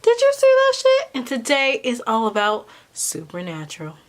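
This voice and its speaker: A young woman hosting her own vlog, recapping a TV episode in a casual, animated way and swearing freely. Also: a little high, normal speed. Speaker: vlog host.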